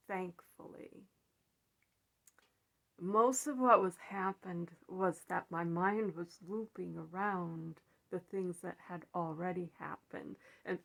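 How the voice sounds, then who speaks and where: A woman in a personal reflective monologue, speaking haltingly with restarts and sometimes dropping to a soft near-whisper. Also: on the low side, vocal fry. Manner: halting, with repeated words and restarts. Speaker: vlogger.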